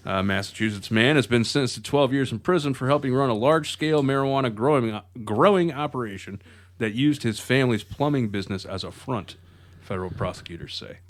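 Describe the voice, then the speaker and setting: A man's voice: medium pitch, brisk. A man co-hosting a comedy news podcast, reading stories aloud and cracking dry jokes. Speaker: podcast co-host. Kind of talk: casual comedic news chat.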